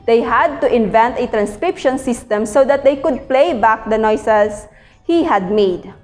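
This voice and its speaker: A woman reading a textbook aloud as a lecture, in a careful, measured way with the odd slip. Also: on the high side, a little mellow, big-room sound. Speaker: teacher presenting a reading.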